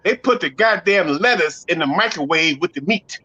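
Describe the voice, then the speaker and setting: A man doing a profane stand-up routine in a comedy club, loud and rowdy, slipping into acted-out voices. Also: high-pitched, animated, moderate pace, husky, highs cut off.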